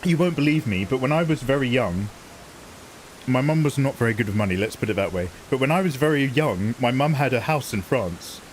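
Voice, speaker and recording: A man's voice: mid-range voice, lively intonation, a little fast, a little hiss or hum, poor audio. A man chatting casually with viewers during a live game stream, playful and joking with a lot of laughter. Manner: playful, jokey, laughing often, hamming up mangled French. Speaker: game livestreamer.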